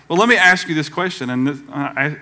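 A man's voice: fairly high pitch, animated, fast talker, bright, forceful tone. A man from the American South preaching a conversational sermon as pastor, acting out quoted voices along the way.

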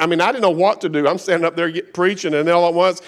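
A man's voice: high voice, steady tone, very fast. A middle-aged man with a Kentucky accent, preaching a sermon as a guest speaker in a folksy, joking storytelling manner.

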